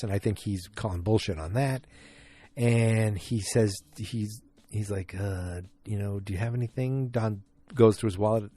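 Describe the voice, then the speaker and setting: Chatty man with a low, mellow voice. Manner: retells scenes, acting out the lines with pitch jumps; many fillers and restarts, chatty. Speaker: podcast host. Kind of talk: casual episode recap.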